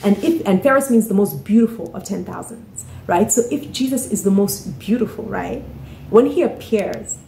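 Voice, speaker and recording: A woman's voice: medium pitch, expressive, normal speed, creaky, dark tone, slight background noise. A woman telling a story in a casual vlog, chatty, often asking "right?" and "you know". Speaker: author and vlogger. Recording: roomy echoey room.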